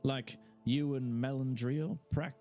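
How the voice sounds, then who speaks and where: A man's voice: medium pitch, steady tone, takes it slowly, dark tone, faint music behind, pitched above the performer's own voice, close to an everyday voice. A man playing a cheeky scheming boy. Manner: mischievous, eager. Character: young boy, cheeky scheming little brother.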